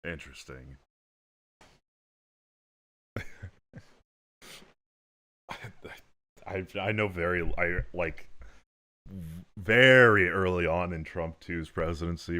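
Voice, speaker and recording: Deep-voiced and forceful, with a bright edge, this man hosts a livestream where he comments casually on clips. He wanders from point to point, swears often, and laughs in between.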